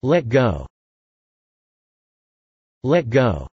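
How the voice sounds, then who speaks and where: Lesson voice, very slow and lively in pitch, husky tone, dry dull recording; speaker repeats each line for learners. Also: dry recording. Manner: each short phrase said several times, carefully paced. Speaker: English listening teacher. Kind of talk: slow, repeated practice phrases.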